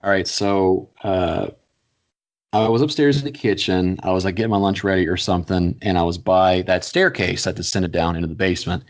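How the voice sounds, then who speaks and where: Man, young adult, podcast co-host, blunt, profane, fairly low voice, casual chat. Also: fairly even intonation, a little fast.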